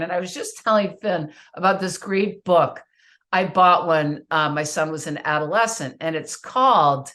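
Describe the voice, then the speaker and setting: A middle-aged woman co-host talks with a very lively, swooping pitch. Her voice sits in the middle of the usual range for a woman. She explains in a casual, teaching way and acts out short exchanges between parent and child. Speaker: podcast co-host.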